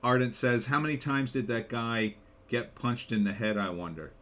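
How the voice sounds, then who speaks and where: A man's voice: medium pitch, normal speed, a bit bright. A middle-aged man hosting a casual live stream, rambling and chuckling as he reads viewer comments aloud. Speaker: live stream host reading chat.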